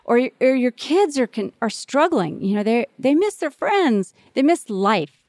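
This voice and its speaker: Woman, middle-aged, podcast host, earnest, animated, talks straight to listeners, dry close sound. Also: high-pitched, a little slow, dry recording. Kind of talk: encouraging podcast monologue to parents.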